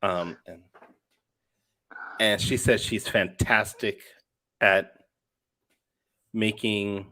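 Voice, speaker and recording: A man's voice: lowish voice, fairly even intonation, drawn-out words, pauses often, bright, forceful tone. A man guesting on a podcast over a video call, bantering casually and laughing easily. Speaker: guest, comic publisher. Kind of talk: casual chat.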